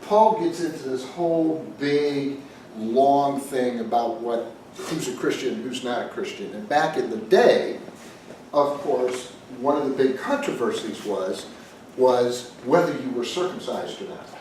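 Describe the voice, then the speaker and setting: A man's voice: medium pitch, a little slow. A male pastor telling a joke-filled story to a group and bantering with his listeners. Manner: joking, animated storyteller, chats with the audience. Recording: echoey room from a distant mic with faint noise.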